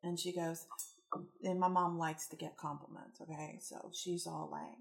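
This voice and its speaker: Gravelly, animated woman coaching. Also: deep voice, moderate pace. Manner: animated, acts out quotes, rambling. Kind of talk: casual teaching talk.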